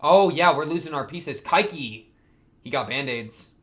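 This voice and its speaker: A man hosting an anime reaction video, talking back to the screen and swinging from quiet muttering to excited outbursts. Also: fairly high pitch, measured pace. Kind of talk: casual anime reaction commentary.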